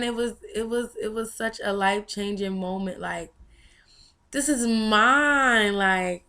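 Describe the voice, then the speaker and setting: Young woman, vlogger, bright crisp voice, candid and emotional, lots of fillers. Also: mid-range voice. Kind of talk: personal testimony vlog.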